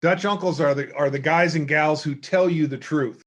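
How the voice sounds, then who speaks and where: A middle-aged man, a guest author and speaker, telling lively stories in an interview and acting out the people he quotes. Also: a little high, moderate pace. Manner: animated storyteller acting out quoted voices. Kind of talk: storytelling interview chat.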